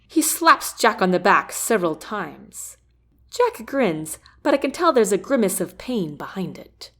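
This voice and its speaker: A woman narrating a novel in the first person, with an expressive, varied reading. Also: medium pitch, unhurried. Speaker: audiobook narrator.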